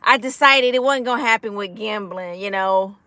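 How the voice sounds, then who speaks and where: Bright-voiced, giggly woman livestreaming. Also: medium pitch, normal speed, dry recording. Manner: energetic and giggly, laughs often between sentences; chatty, with frequent fillers like "like" and "y'all". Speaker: livestream host of a gambling recovery channel. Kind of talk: casual livestream chat, reading and answering comments.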